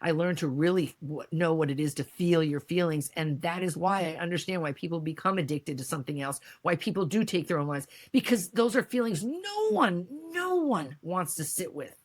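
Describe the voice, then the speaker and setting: A woman's voice: lowish voice, normal speed, few pauses. A middle-aged American woman, a podcast guest, speaking candidly and emotionally in a conversational interview. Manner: emotional, candid, animated when quoting others.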